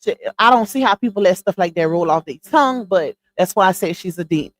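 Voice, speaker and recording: A woman's voice: fairly low pitch, animated, fast. A woman hosting a livestream, giving blunt, scolding gossip commentary straight to her viewers.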